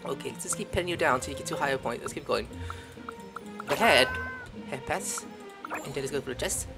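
A man's voice: sits high, a little fast, music in the background. A man giving casual, playful gameplay commentary while chatting to the cats in the game. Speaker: gameplay video host.

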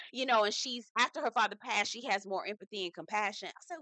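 A woman's voice: mid-range voice, a little fast, sharp tone, dry recording. A woman hosting a reality TV recap, talking in a sassy, profane, gossipy way with lots of chatty asides. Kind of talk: casual gossipy commentary.

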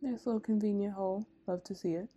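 A young woman hosting a movie reaction, speaking softly and startling easily. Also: mid-range voice, steady tone, a little hiss or hum. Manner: soft-spoken, jumpy, quick to startle. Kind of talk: hushed movie reaction chat.

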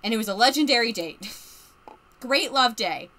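A woman's voice: on the high side, expressive, moderate pace, pushed and bright. A woman streamer giving casual, chatty let's-play commentary and narrating her game characters.

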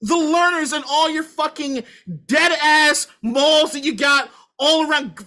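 A fired-up man ranting on a sports podcast, his voice bright and forceful. He swears freely and works himself into a lather, pushing each point hard. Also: extremely high pitch, a little slow. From Washington, D.C. area. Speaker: podcast co-host. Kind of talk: casual sports talk.

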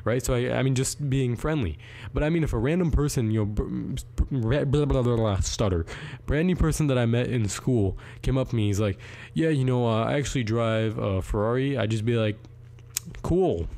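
A man's voice: medium pitch, brisk, dark tone. A teenage boy vlogging, talking bluntly and informally to his viewers. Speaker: YouTube vlogger. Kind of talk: casual to-camera rant.

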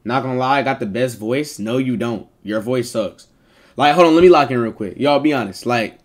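A man streaming live and chatting with his viewers in animated, joking banter full of slang and swearing. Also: medium pitch, fairly quick.

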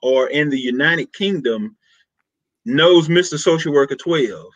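A man's voice: a little high, unhurried, dry recording, highs cut off. A man from Mississippi with a Southern accent, a social worker chatting as a podcast guest and acting out quotes as he tells stories. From Mississippi, USA. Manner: animated storyteller, acts out quotes. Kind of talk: casual interview chat.

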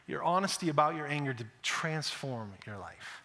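A man's voice: a little high, big pitch swings, a little fast, bright, forceful tone. A male pastor preaching a conversational sermon, acting out quotes and often repeating words. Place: church sanctuary. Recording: echoey church hall.

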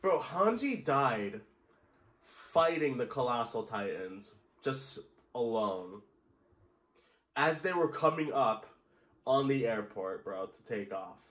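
A man's voice: mid-range voice, sing-song, slow, a bit bright. A man reacting to a manga chapter in casual commentary, exclaiming and swearing and calling the listener bro. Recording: echoey room.

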